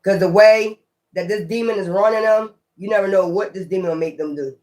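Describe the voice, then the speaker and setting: A man giving a casual tarot reading to his viewers, blunt and profane, talking in an animated way. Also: sits high, a little fast. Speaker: tarot reader.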